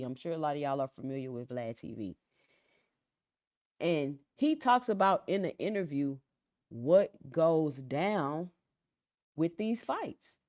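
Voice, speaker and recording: A woman hosting a casual live stream who chats with viewers, reads out their comments and often repeats her phrases in a calm, low-key way. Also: no room sound. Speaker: livestream host. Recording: dull lo-fi sound, dry.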